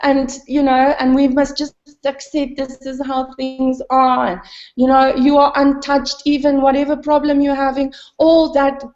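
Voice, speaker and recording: A woman's voice: high-pitched, level tone, unhurried, darkish tone, reverberant, highs cut off. A woman talking candidly in a spiritual gathering, rambling and self-deprecating with many fillers. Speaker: satsang participant.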